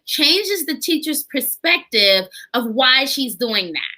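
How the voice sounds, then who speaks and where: A woman in her thirties hosting a podcast conversation, animated and laughing often. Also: sits high, takes it slowly, poor audio. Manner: animated, acts out child voices, laughs often. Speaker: podcast host and therapist. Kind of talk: casual conversational interview.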